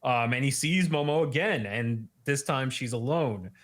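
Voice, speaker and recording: A man's voice: mid-range voice, moderate pace. A man hosting a podcast, casually recapping a story chapter and laughing often. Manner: laughs often, loose with fillers. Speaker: podcast host.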